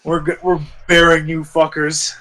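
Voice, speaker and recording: A man giving casual gameplay commentary with excitable, profane trash talk. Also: a little high, measured pace.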